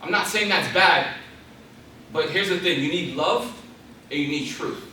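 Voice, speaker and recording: An intense young man speaks to a crowd in a large hall. His voice is bright and pushing, and he sits a little back from the mic. The room gives it a heavy, boomy echo. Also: measured pace, recorded from a distance, slight background noise. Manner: intense, preacherly, rising to emphatic exhortation. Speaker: guest speaker. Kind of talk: motivational Christian talk.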